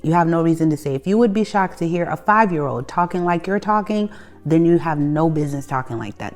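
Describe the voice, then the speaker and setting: A young adult woman with a Haitian family background, talking bluntly and conversationally as she hosts a self-help video, with animated bursts and frequent restarts. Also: deep voice. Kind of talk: candid advice monologue. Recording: soft music behind the voice.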